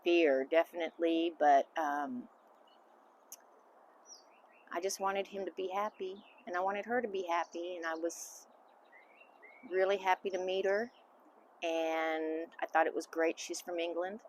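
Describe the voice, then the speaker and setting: A middle-aged woman, answering interview questions as a mother in a candid, halting, emotional way. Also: fairly low pitch, fairly even intonation, a little hiss or hum. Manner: candid, halting, emotional, trailing off into soft asides. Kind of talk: casual family interview.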